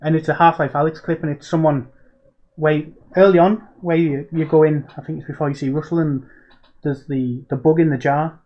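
A man's voice: fairly high pitch, steady tone, brisk, lo-fi sound. A man, a guest on a podcast, telling chatty anecdotes with lots of fillers. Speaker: guest, content creator. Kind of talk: casual chat.

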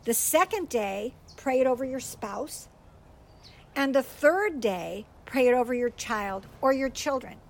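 An older woman giving a gentle, earnest faith teaching to a group, tearful at times as she speaks. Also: high voice, lively intonation, measured pace, poor audio. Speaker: speaker teaching on prayer for children.

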